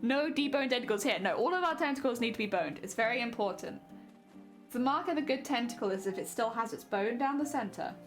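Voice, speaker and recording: Bubbly girl chatting on stream, kinda high voice, lil bit of music behind. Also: animated, a little fast. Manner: giggly, playful, chatty. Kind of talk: casual chat with viewers while crafting.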